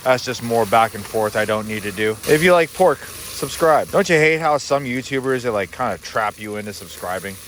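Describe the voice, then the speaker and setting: A man's voice: medium pitch, expressive, moderate pace, hardly any pauses, fairly bright tone, slight background noise. A man hosting a cooking vlog from an outdoor kitchen, talking in a laid-back, offhand, wry way as he cooks. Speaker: cooking channel host. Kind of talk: casual cooking vlog talk.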